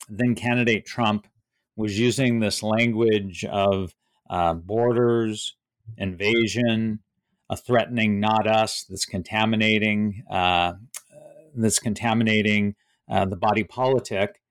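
Low-voiced male author, dry recording. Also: steady tone, no echo. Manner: measured, pausing often between thoughts. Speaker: author discussing his book. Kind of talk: book reading, then reflective talk.

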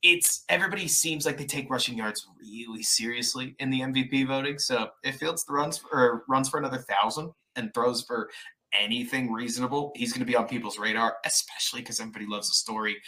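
A man guest on a podcast, talking through football film in fast, animated casual chat. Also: medium pitch.

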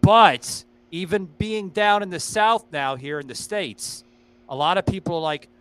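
A podcast host with a New York accent talks loosely, tripping over repeated words as he goes. His voice sits a bit high for a man. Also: measured pace, fairly bright tone, clean tone. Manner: stammering restarts, rambling. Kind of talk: casual chat.

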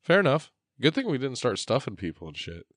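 A man's voice: medium pitch, sing-song, a little fast, fairly bright tone, no echo, studio quality. Profane joking man. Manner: profane, joking, slips into silly bits. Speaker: podcast co-host. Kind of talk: crude comedic banter.

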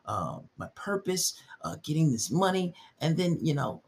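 A young man hosting a solo podcast, giving blunt, preachy dating advice and acting out quoted voices with big jumps in pitch. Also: big pitch swings, normal speed.

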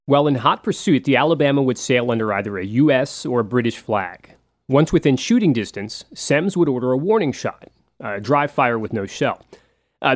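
A man hosting a history show, telling the story in a relaxed, conversational way with frequent fillers and asides. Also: medium pitch.

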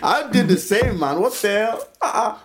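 Bantering young man, lively pitch. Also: normal speed, a little hiss or hum. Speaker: podcast co-host. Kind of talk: casual chat.

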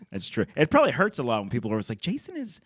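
A man chatting as a guest, playful and quick to laugh. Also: mid-range voice, big pitch swings, no room sound, studio quality. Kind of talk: casual chat.

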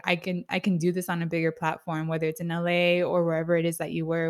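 A woman hosting a casual chat, telling lively stories and switching between English and Spanish. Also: on the low side, fast talker, few pauses. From San Diego, US. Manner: lively storyteller, switches into Spanish, laughs easily. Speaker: podcast host.

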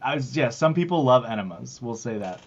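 A man with a mid-range voice talks in a loose, rambling, joking way as he co-hosts a podcast. His audio is dull and lo-fi, because the wrong mic was picked. His pitch sits in the middle. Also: lively intonation, brisk, creaky, husky. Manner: rambling, jokey, plugs the show. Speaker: podcast host. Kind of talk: casual podcast chat. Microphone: wrong mic picked by the recording software.

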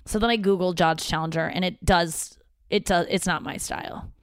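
A woman's voice: fairly low pitch, fairly even intonation, moderate pace, clear, resonant tone, no echo, clean studio sound. A woman hosting a podcast, telling stories in a chatty, profane, self-mocking way and quoting other people. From St. Louis area. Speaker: podcast host. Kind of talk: casual storytelling monologue. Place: father's home office.

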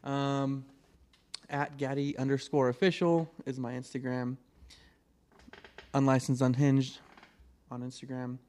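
A male co-host of a casual podcast who speaks in a low-key, reflective way and laughs often. His pitch is average for a man. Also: level tone, measured pace, pauses often, darkish tone.

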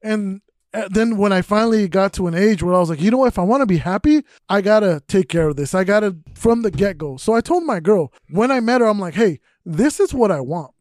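A man's voice: high voice, lively intonation, a little fast, a little mellow, dry recording, studio quality. A young man hosting a podcast, telling personal stories candidly in a rambling, casual way full of fillers. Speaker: podcast host.

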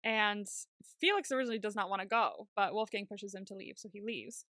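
Bright-voiced chatty woman podcaster. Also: medium pitch, a little fast, dry recording, studio quality. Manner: chatty, swears freely, laughs often. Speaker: podcast co-host. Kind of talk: casual TV recap chat.

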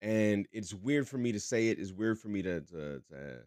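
A man's voice: fairly low pitch, animated, normal speed, darkish tone, no echo, studio quality. A man hosting a podcast in a casual, profane monologue, rambling with many fillers and restarts and joking about a tense topic. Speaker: podcast host.

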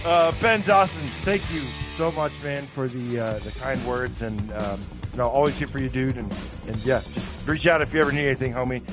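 A man co-hosting a livestream, relaxed and friendly as he thanks viewers by name. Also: mid-range voice, fairly quick, music in the background. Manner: relaxed, friendly shout-outs, mumbled asides. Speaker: co-host. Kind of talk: casual livestream chat, reading viewer names.

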